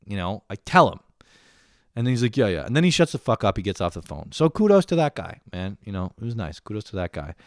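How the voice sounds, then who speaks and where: Young man, fairly low voice with lively swings in pitch, ranting and cursing constantly in an exasperated comic monologue, close and dry sound. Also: fast, no room sound. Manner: swears constantly, animated and exasperated. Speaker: comedic vlogger. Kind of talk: profane comedic rant.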